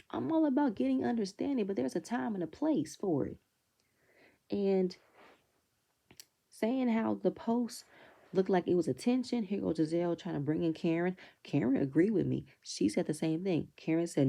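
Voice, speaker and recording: Woman, reality TV recap, gravelly, mellow low voice, blunt, swears freely. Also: sing-song, moderate pace. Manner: acts out quotes in raised voices. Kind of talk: casual recap commentary.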